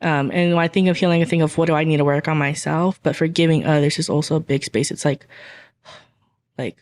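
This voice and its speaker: A woman co-hosting a podcast, speaking casually and warmly, affirming her guest with frequent "like" and "you know.". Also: low-pitched, level tone, quick pace. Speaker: co-host. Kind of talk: reflective podcast conversation.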